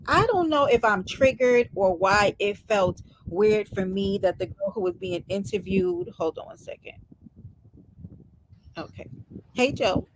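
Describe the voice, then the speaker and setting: A middle-aged woman hosts a casual live stream chat in a calm, soft-spoken voice. She greets her viewers one by one and speaks at an easy, unhurried pace. Her voice is set at a middle pitch, with a faint hiss in the background.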